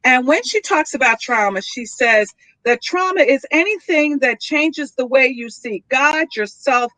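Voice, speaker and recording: A woman's voice: high voice, lively intonation, unhurried, pushed and bright, dry recording. A woman guest speaker in a heartfelt conversation, teaching in an affirming way and checking in with her listener. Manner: teaching, affirming, checks in with okay and all right.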